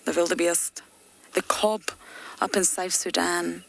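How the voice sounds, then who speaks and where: A woman safari guide giving chatty, explanatory live commentary from a game-drive vehicle outdoors, sometimes dropping to hushed asides. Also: lowish voice, level tone, unhurried, gravelly.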